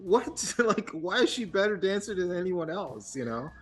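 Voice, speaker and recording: A man's voice: sits high, very animated, moderate pace. A man talking casually and animatedly about a film, swearing and mocking its scenes, with faint music underneath. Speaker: podcast co-host.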